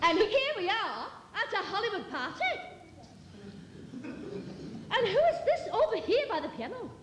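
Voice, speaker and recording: A woman comedian on a theatre stage, introducing her impressions with brisk, mock-grand showbiz patter. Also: very high-pitched, big pitch swings, long reverb tail, noisy background. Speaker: comedian performing a one-woman show. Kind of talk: live stand-up with impressions.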